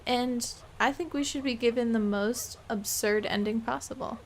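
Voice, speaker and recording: Young woman game streamer, playful running chatter, gravelly edge to her voice. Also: a little high, normal speed, slight background noise. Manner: chatty, playful, musing aloud. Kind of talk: live game stream chat.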